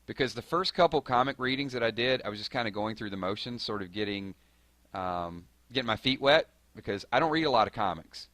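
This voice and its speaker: A young man with a Southern Georgia accent, chatting fast and excitably on a live stream while answering viewers' comments. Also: medium pitch, no echo. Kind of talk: casual live-stream chat.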